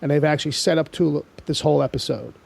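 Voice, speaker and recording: A man's voice: on the high side, steady tone, fast, vocal fry, darkish tone, husky. A man hosting a casual TV recap podcast, rambling with lots of fillers and acting out the scenes he describes. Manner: rambling, fills with "um" and "like", acts out scenes. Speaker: podcast host.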